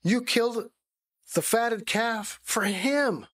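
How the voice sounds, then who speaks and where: Resentful older brother, read by a man, indignant and complaining, pitched a bit higher. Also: expressive, unhurried. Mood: aggrieved.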